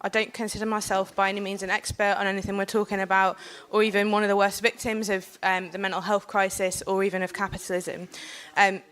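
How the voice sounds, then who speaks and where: A young woman, speaking on a panel while nursing a cold, earnest and forceful, with frequent "um"s. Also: medium pitch, flat delivery, fast talker, few pauses. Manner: earnest, forceful, with filler ums. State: has a cold. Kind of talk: impassioned public speech.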